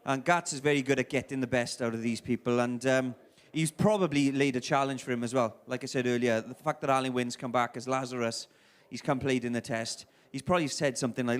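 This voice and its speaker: A man's voice: mid-range voice, fairly even intonation, brisk. A man, a former player giving rugby analysis on a live panel, earnest and explanatory. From Wales. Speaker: rugby pundit.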